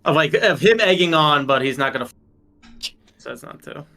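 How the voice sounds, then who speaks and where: Bright-voiced male tabletop player. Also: a little high, lively intonation, moderate pace. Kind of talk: tabletop game play.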